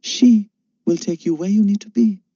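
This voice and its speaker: A cool, detached mentor with a German accent asks calm, probing questions, played by a man. He speaks higher than the reader's own voice, with a dark, dull tone. The recording is dry and lo-fi. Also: moderate pace, husky, no echo. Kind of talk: audiobook character voice.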